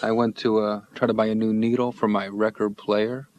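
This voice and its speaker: A man's voice: on the low side, level tone, normal speed, very noisy, lightly acted. A man voicing a comedian patient who tells punchy, slangy stand-up jokes to his therapist. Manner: brash, punchy joke-telling, slangy. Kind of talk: stand-up routine.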